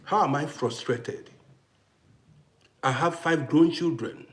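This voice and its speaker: A man's voice: on the high side, slow. A man with grown children, ranting to camera on his vlog in an emphatic, repetitive, challenging way. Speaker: vlogger. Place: living in Austria.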